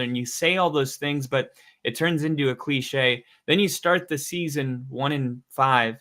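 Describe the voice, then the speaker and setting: A man co-hosts a casual sports podcast with a bright, forward tone. He tells stories with energy and acts out what other people say. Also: mid-range voice, measured pace, hardly any pauses. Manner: animated storytelling, acts out quotes. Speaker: podcast co-host.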